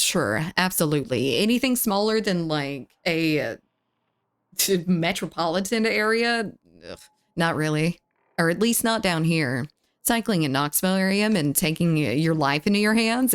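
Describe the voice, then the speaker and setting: A woman's voice: on the low side, expressive, unhurried. A woman, rambling in casual chat with her live viewers and reading their messages aloud. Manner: rambling, lots of filler "like", reads chat aloud. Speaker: streamer.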